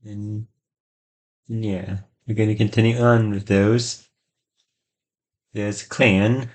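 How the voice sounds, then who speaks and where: A man giving casual, low-key commentary on a video game as he plays. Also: flat delivery, slow pace, darkish tone. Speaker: gameplay channel host.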